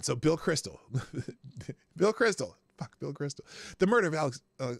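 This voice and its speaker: A man's voice: medium pitch, fairly bright tone, dry recording. A man hosting a political commentary livestream, blunt and profane, rambling with restarts and short laughs. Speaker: host.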